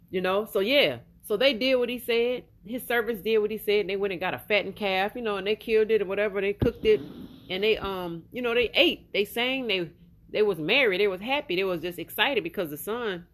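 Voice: mid-range voice, a bit bright. A preacher retelling a parable in an informal sermon, casual and rambling, with plenty of 'you know' and 'y'all'.

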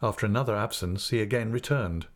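A man with a lowish voice narrates a classic novel for an audiobook, following the script with measured pacing and expressive storytelling.

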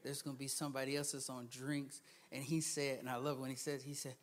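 A man preaching a sermon as a guest speaker, swinging between hushed asides and loud, emphatic bursts and laughing often. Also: mid-range voice, level tone, a little fast.

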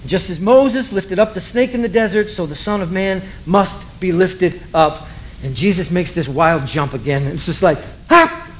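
A male pastor delivers a sermon in a noticeably high voice, bringing the story to life by acting out its characters. Faint steady hiss sits under the recording. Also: normal speed, low-quality recording. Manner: animated storytelling, acts out voices of people in the story.

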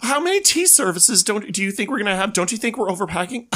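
A man's voice: high voice, big pitch swings, quick pace, pushed and bright, voice pushed up, heavily acted. A man voicing a fussy, anxious man who frets about overpacking for a trip. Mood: fretful.

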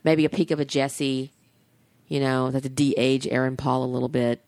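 A woman co-hosting a podcast in casual chat, gushing and animated, swearing freely. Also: very deep voice, normal speed, dry recording. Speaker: podcast co-host.

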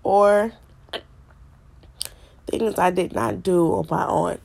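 A woman's voice: fairly low pitch, fairly even intonation, slow, vocal fry, darkish tone. A middle-aged woman hosting a faith podcast, stuffy and congested from a cold, earnestly repeating her points like a preacher. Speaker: podcast host.

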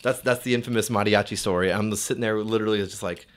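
A man's voice: fairly low pitch, fairly even intonation, fast. A young man telling a long story in casual, profane chat, with many "like"s and quoted dialogue. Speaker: storyteller guest.

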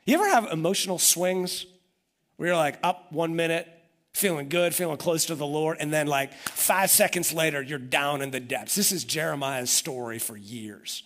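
Man, pastor, sermon, animated storytelling, slightly high voice. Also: moderate pace.

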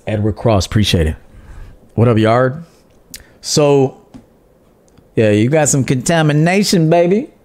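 A man's voice: medium pitch, expressive, a little slow, long pauses, a little mellow. A man hosting a livestream dating-advice show in a brash, profane, joking manner, reading out viewer donations. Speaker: podcast host and dating coach. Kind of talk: casual livestream monologue.

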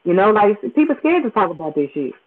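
Very animated and talking fast, this drawling podcast host from Memphis, Tennessee has a medium-pitched voice coming through thin, phone-like audio. He curses constantly, hammers his points home and says things over and over while ranting through a casual story.

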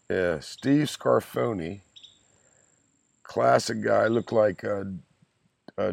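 A man in his sixties sits in as a guest on a podcast hosted by his child, rambling through anecdotes, laughing often and cursing freely. His voice is on the low side, creaky with a breathy edge, and the recording is dry.

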